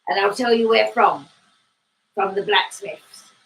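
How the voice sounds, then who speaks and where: A woman's voice: mid-range voice, measured pace, vocal fry, a bit bright, poor audio. A woman reading aloud, voicing a stern, cool male army sergeant who speaks curtly.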